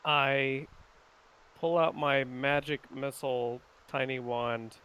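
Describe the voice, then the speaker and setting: A man's voice: mid-range voice, steady tone, takes it slowly, lo-fi sound, slight background noise. A man playing a tabletop game, hesitant and unsure as he describes his moves. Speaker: player.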